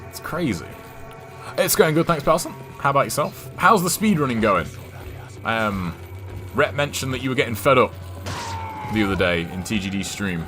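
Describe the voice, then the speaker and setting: A man's voice: medium pitch, animated, moderate pace, pauses often, music in the background. A young English man streaming a game, rambling and chatting casually, swearing now and then. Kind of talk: casual chat while gaming.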